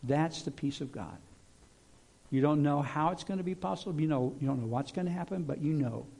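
Middle aged pastor guy preaching, kinda high voice, chatty and lively, gets the crowd to say stuff back. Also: brisk, gravelly, breathy edge. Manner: lively, conversational preaching with congregation call-and-response. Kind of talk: sermon.

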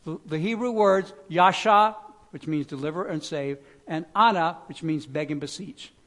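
High-voiced pastor preaching with swings in volume. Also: male voice, moderate pace. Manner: swings from loud pleading to quiet, low-voiced emphasis; conversational, with fillers and restarts. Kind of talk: sermon.

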